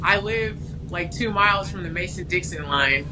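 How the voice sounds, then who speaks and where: A woman's voice: on the low side, moderate pace, background noise. A woman from California with a West Coast accent, a writer guest speaking candidly and hesitantly in a casual interview. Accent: West Coast American. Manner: candid, frank, hesitant with many ums.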